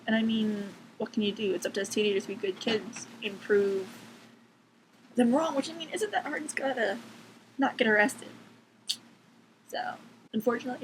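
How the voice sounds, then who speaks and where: A teenage girl ranting casually to camera from her bedroom, sarcastic, swearing freely and filling her talk with "like". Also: on the high side. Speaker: vlogger. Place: bedroom at home. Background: cats making noise.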